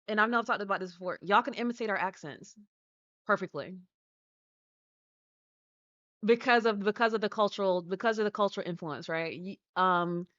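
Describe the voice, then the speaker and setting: A woman's voice: medium pitch, a bit bright, highs cut off. A woman chatting casually on a live stream, rambling, answering her chat and laughing often. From United States.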